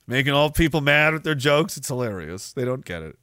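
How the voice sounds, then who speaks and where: Animated, bright-voiced man joking on stream. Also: medium pitch, no room sound, studio quality. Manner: joking, laughing, reading viewer messages aloud. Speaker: livestream show host. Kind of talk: casual livestream chat.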